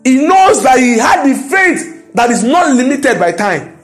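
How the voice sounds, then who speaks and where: A man preaching a sermon, emphatic and building to loud declarations. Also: extremely high pitch, big pitch swings, unhurried, soft background music.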